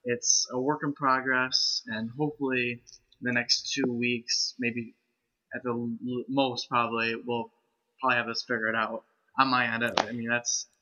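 Medium in pitch and level in tone, this man speaks unhurriedly with a pushed, bright quality through a lo-fi home mic. He hosts a casual podcast chat, talking hesitantly and restarting often.

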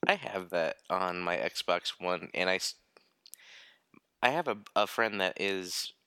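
A man co-hosting a casual podcast chat, talking in a relaxed, chatty way. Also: low-pitched, takes it slowly, smooth, dry recording. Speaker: podcast co-host.

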